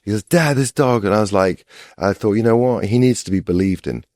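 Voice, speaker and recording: A man's voice: lowish voice, quick pace, warm tone, dry recording, clean studio sound. A middle-aged man who is a guest on a podcast, telling a rambling, casual story full of restarts. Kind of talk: casual chat.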